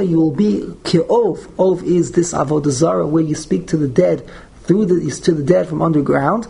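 A man's voice: a little high, vocal fry, mellow, a little hiss or hum. A man teaching a text study class verse by verse, often repeating and restarting his words. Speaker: Torah teacher.

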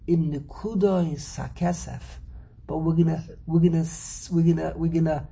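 A man teaching a Torah class, lecturing slowly and animatedly, teasing his students and repeating words as he thinks. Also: high-pitched, gravelly, darkish tone, breathy edge. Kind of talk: classroom lecture on Hebrew grammar and verses.

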